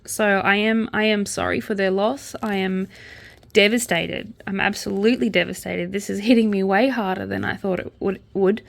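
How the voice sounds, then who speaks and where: A woman's voice: medium pitch, steady tone, moderate pace, vocal fry. A young Australian woman hosting a casual chat, reading news aloud and reacting with open sorrow. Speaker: podcast host. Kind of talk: casual true-crime commentary while crocheting.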